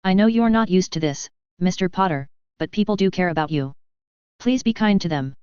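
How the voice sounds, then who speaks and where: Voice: mid-range voice, animated, a little fast, a little mellow, clear, resonant tone, dry recording, lightly acted. A narrator reading a strict older woman professor. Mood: stern. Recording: dry, slightly dull audio.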